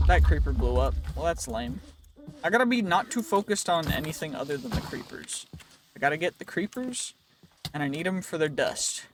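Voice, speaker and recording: A man with a high voice gives loose, rambling gameplay commentary, joking around and chatting to characters on screen. His voice sounds worn and tired, and there is a faint hiss behind him. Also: sing-song, brisk. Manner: rambling, playful, talks to game characters. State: voice wearing out. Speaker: gaming video creator.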